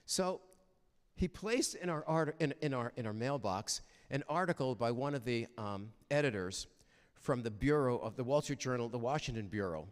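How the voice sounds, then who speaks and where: An older man giving a heartfelt, storytelling chapel talk at a university, animated and prone to halting restarts. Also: mid-range voice. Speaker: guest chapel speaker. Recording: reverberant chapel hall.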